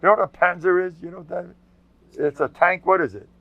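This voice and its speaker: Older rabbi, gravelly joking lecture voice. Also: male voice, high voice, fairly quick, narrow, tinny audio. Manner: joking, animated, shouts out quotes, mixes Hebrew and Yiddish words. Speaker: rabbi giving a Torah class. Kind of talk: lively Torah lecture.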